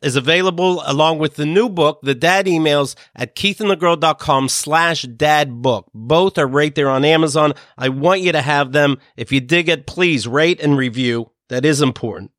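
High-voiced sarcastic man reading his book. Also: normal speed, hardly any pauses, a bit bright, dry recording, clean studio sound. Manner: sarcastic, ranting, profane. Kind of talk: audiobook reading with asides.

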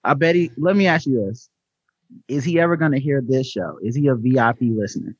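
A man's voice: medium pitch, fairly quick, husky, no echo, dull audio. A man hosting a podcast in casual comedic chat, riffing, mimicking voices and swearing freely. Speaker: podcast host.

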